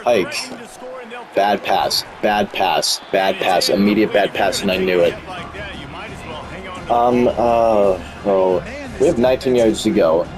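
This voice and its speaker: This gaming commentator talks over his own football video game, pleading with the players in an exasperated, self-mocking way. His voice is on the low side, and he speaks slowly with frequent pauses. Crowd noise can be heard, and the recording is rough.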